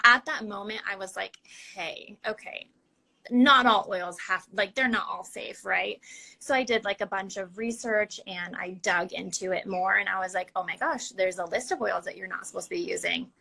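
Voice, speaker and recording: Young woman guest rambling through a story, lots of "like", bright voice with a gravelly fry. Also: mid-range voice, rough recording. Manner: chatty, many "like" fillers, quotes others in lively voices. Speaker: interview guest. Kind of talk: casual conversational storytelling.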